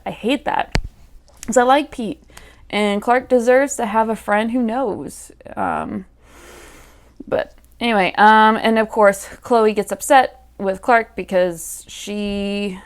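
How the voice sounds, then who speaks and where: A woman hosting a reaction channel, recapping an episode in casual, chatty commentary with lots of fillers and quoted asides to the characters. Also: mid-range voice. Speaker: reaction video host.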